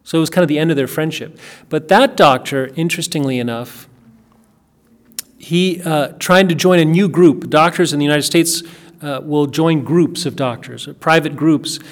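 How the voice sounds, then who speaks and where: This is a man with a somewhat high-pitched voice telling a story in a loose, spoken way. He is earnest and emphatic. He often doubles back on his words and restarts his sentences as he goes. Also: normal speed. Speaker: speaker recounting a family story.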